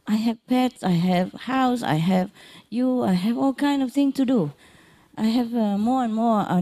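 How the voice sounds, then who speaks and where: Woman, spiritual teacher, informal talk, mellow tone, simple broken English, laughs a lot. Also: mid-range voice. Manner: chatty, laughs often, repeats phrases, talks directly to listeners.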